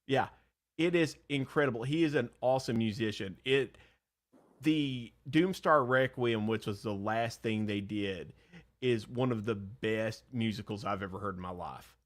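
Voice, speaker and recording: A man's voice: lowish voice, normal speed. A man co-hosting a casual chat show, enthusiastic and prone to tangents. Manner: enthusiastic, animated, goes off on tangents. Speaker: podcast co-host.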